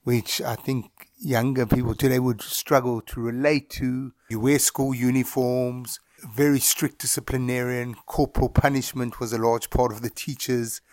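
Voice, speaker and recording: A middle-aged man from Zimbabwe recounts memories for an interviewer in a relaxed, storytelling manner. His voice sits at an average pitch. The recording is dry and close. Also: moderate pace, no room sound. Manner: relaxed, anecdotal, chuckles while recounting. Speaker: interview guest.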